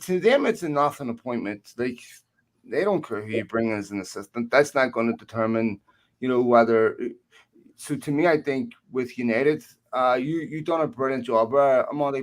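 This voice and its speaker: A man's voice: mid-range voice, poor audio. A man on a live football fan panel with an ordinary mid-range voice. He talks in a chatty, rambling way, addresses the other panelists directly and laughs along with his own stories. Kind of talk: live online football talk.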